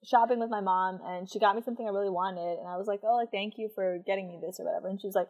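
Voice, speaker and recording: A woman's voice: mid-range voice, fairly even intonation, very fast, few pauses, a little mellow, lo-fi sound. A young woman telling a personal story in casual chat, with lots of fillers and frequent laughter.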